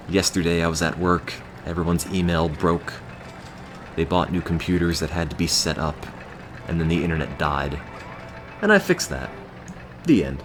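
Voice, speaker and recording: Low-voiced deadpan young man. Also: normal speed, long pauses, over music. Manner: deadpan monotone, with bursts of exasperated ranting. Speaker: streamer. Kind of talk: casual chat on a live stream.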